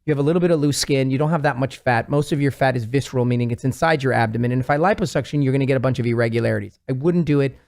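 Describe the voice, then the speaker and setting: A man, a plastic surgeon, chatting on a talk show and telling patient stories in an animated way, acting out what his patients said. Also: mid-range voice, racing, gravelly, hardly any pauses. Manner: animated storyteller, quotes patients in lively voices. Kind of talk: casual talk-show conversation.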